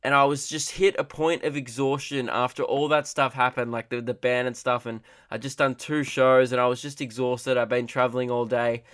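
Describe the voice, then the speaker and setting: A man's voice: mid-range voice, flat delivery, normal speed, few pauses, fairly bright tone, clear, resonant tone, no echo, clean studio sound. A man hosting a comedy podcast, telling a story casually, rambling with restarts and fillers and swearing freely.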